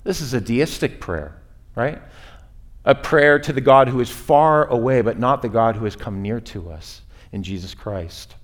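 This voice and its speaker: Man preaching with animated, conversational swings. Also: unhurried. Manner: conversational preaching with wide swings in pitch and loudness. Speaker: pastor. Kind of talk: sermon. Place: church sanctuary.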